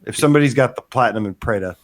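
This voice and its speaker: A man's voice: medium pitch, very fast. Rambling, laughing male co-host. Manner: rambling, laughs often, hesitant. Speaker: podcast co-host. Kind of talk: casual live show chat.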